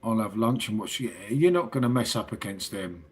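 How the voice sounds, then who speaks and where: A man's voice: on the low side, expressive, brisk, slightly rough. A middle-aged English man hosting a casual late-night livestream, chatting with viewers in a matey, sweary way. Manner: matey and sweary, calls everyone mate. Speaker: livestream host.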